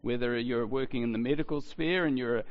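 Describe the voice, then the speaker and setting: A man's voice: medium pitch, fairly quick. Man preaching in a reverberant hall. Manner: conversational, rhetorical questions, frequent restarts. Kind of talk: sermon. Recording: dull, lo-fi, long hall reverb.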